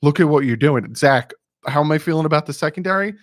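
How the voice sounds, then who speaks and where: A man hosting a sports fan live stream, talking excitedly, repeating himself and reading chat messages aloud. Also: a little high, quick pace, no echo, clean studio sound.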